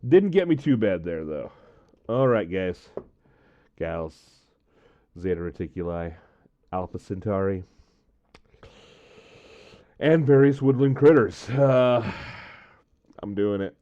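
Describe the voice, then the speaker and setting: Casual male vlogger with a lowish, smooth voice and a rambling delivery, recorded lo-fi. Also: animated, slow pace, pauses often, mellow. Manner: rambling, many fillers, quoting friends in his own voice. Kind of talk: casual storytelling to camera.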